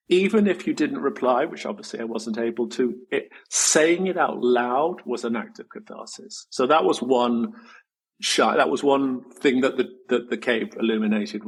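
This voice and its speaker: Middle-aged male guest, breathy edge, earnest reflective storyteller, swears casually. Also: mid-range voice, rough recording. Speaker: guest, designer. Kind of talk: candid personal storytelling in interview.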